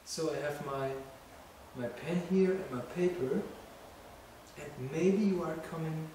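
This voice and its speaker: A man, a ghost hunter, coaxing and patient as he speaks softly to an unseen presence inside an old castle. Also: on the high side, slow, recorded from a distance. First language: German. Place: old stone castle interior. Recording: very echoey stone room, off-mic, light hiss.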